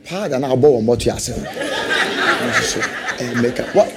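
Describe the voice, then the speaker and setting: A man preaches a sermon in a mid-range, sing-song voice, going a little slowly, with a loud crowd making the clip very noisy. He calls for amens and keeps hammering out the same questions, working call-and-response until it rises into emphatic repetition.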